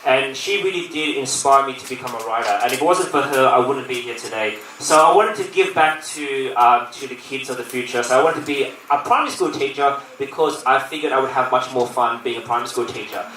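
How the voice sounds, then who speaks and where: Jokey author guy reading to kids, bright voice, far off the mic. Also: medium pitch, fairly quick, few pauses. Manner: jokey, playful storyteller. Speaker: children's author and teacher. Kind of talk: book reading and Q&A for children. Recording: echoey room, distant mic, faint noise.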